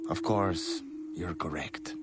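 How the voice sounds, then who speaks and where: A cruel sardonic villain. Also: male voice, low-pitched, steady tone, slow. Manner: cold, sardonic. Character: cruel man who enjoys hangings. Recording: game cutscene with loud music.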